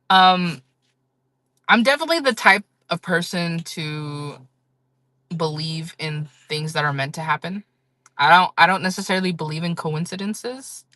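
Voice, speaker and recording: Blunt, bright-voiced woman streamer. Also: lowish voice, animated, moderate pace, dry recording. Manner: blunt, frank talk with frequent laughs and swearing. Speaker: livestream seller chatting with viewers. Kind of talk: casual livestream chat.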